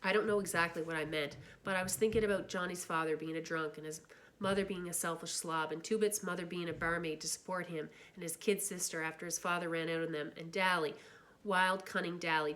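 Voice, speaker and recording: A woman reading a novel aloud in steady, plain narration. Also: fairly low pitch. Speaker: reader.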